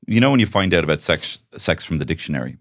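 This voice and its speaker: A man's voice: extremely low pitch, fast, vocal fry, dry recording, clean studio sound. A young man co-hosting a podcast, joking wryly in casual chat. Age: young adult. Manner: wry, joking, deadpan asides. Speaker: podcast co-host.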